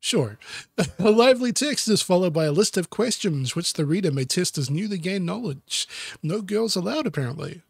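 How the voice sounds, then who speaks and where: A man with a fairly high voice reads a children's picture book aloud and breaks off for deadpan, sarcastic asides aimed at himself. The recording is close and dry, with no room sound. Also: normal speed, vocal fry, slightly rough, dry recording. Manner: deadpan, self-mocking asides. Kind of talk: sarcastic comedic book reading.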